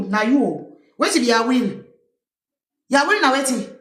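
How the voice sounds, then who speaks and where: Woman, Cameroonian Pidgin accent, livestream host, rhetorical questions, swooping pitch. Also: takes it slowly, long pauses, echoey room. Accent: Cameroonian Pidgin English. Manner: animated, fires rhetorical questions at listeners. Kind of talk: casual political commentary.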